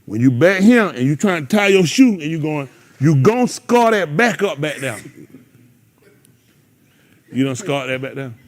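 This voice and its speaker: A man's voice: on the high side, very animated, unhurried, long pauses. Joking man teaching Bible class. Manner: banters loosely with the congregation, laughs often. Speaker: teacher leading a Bible study.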